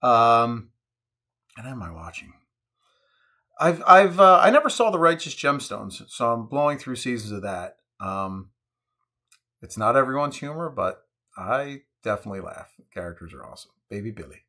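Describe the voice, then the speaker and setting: A man's voice: mid-range voice, big pitch swings, moderate pace, sharp tone. A man hosting a casual vlog, chatting in a wry, jokey way while making a cocktail. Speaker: host.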